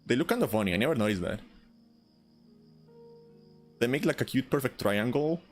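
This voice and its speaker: A man's voice: medium pitch, animated, moderate pace, soft background music. A young man streaming a video game in goofy, rambling casual commentary, often stammering and repeating himself. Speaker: gaming streamer. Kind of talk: casual let's-play commentary.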